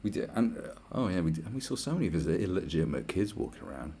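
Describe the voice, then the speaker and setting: A man with a very deep, gravelly voice rants alone on his podcast, crude and blunt. His talk rambles and turns sarcastic. A faint hiss of noise sits under the voice. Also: big pitch swings, racing, warm tone. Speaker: podcast host. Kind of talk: profane solo rant.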